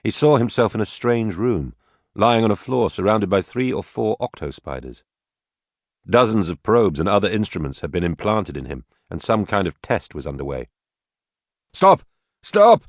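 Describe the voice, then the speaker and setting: A man narrating an audiobook in a measured, steady storytelling manner. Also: on the low side, no echo, clean studio sound.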